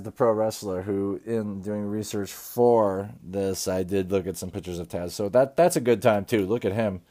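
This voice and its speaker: A man hosting a podcast in a crude, rambling comedic rant, swearing constantly and often trailing off into low mumbles. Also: dark tone. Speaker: podcast host.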